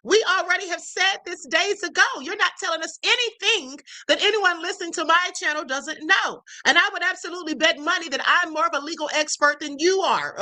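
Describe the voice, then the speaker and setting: A woman's voice: very high voice, sharp tone. A woman hosting a livestream, chatting assertively and reassuringly about a court case. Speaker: livestream host. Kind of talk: casual commentary.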